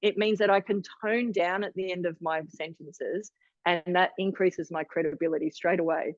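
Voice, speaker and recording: A woman's voice: lowish voice, fairly even intonation, moderate pace, no room sound, dull audio. A woman in her forties leading an online workshop, chatty and encouraging, with frequent restarts. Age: 40s. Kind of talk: online wellness workshop talk. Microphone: video call.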